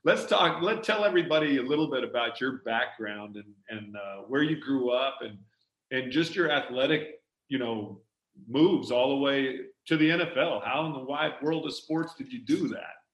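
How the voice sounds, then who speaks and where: A man's voice: medium pitch, animated, normal speed, fairly bright tone, highs cut off. Enthusiastic male podcast host, roomy echo. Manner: enthusiastic, laughs often. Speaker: podcast host and former coach. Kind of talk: upbeat conversational interview. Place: abroad on a remote call.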